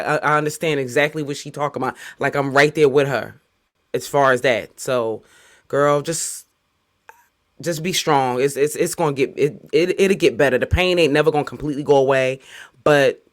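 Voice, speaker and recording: Stammering man in heartfelt casual commentary. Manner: stammering, heartfelt, rises high when pleading. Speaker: host reacting to a clip.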